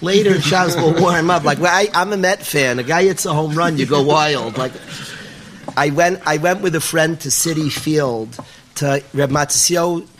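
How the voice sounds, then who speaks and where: A man from New York emceeing a gathering, joking and lively, mixing Yiddish and Hebrew words into his English. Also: on the high side, normal speed, crowd noise.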